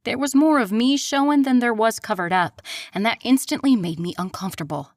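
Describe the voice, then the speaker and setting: A woman's voice: on the high side, fairly quick, no echo, studio quality. A woman narrating a first-person romance audiobook in an intimate voice that often drops to a near whisper.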